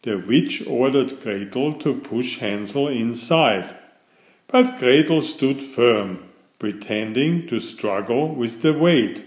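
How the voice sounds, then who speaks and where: A man reading a fairytale aloud in slow, expressive, scripted storybook narration. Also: medium pitch. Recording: echoey room.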